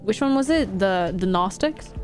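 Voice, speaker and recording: A woman's voice: mid-range voice, expressive, normal speed, a little mellow, faint music behind. A young woman live streamer chatting casually with her audience, laughing often and reacting to chat.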